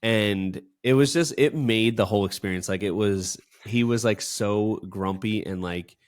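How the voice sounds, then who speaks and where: A man's voice: lowish voice, measured pace. A young man co-hosting a podcast, telling a story in casual chat, rambling with lots of fillers. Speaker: podcast co-host.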